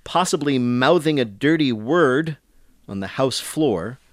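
Man, quiz show host, mid-pitched and wry, dry studio sound. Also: lively intonation, a little slow, dry recording. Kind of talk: comedic talk show hosting.

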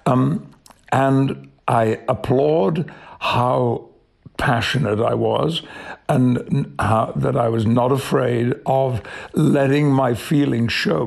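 Gravelly older man, measured. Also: medium pitch. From Yorkshire, England. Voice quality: gravelly, husky. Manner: measured, eloquent, with thoughtful pauses. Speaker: interview guest, actor. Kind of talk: reflective interview talk.

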